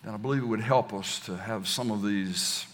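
A man preaching a sermon as pastor, leading his congregation in call and response with slow, emphatic recitation. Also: fairly low pitch, fairly bright tone. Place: church sanctuary. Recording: distant hall reverb, faint ambience.

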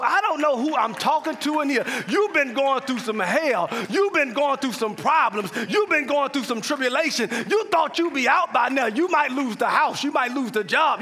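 A man preaching a sermon as pastor, calling to the congregation for responses and building to shouted climaxes. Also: extremely high pitch, expressive, moderate pace, few pauses, slight background noise. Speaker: pastor and chaplain. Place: large church hall. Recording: long hall reverb.

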